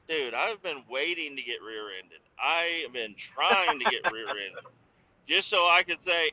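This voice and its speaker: A man's voice: fairly high pitch, lively intonation, measured pace, bright, forceful tone, muffled recording. A man hosting a podcast, joking around and laughing with his caller. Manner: jokey, laughs often, short backchannels. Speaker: podcast host. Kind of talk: casual chat.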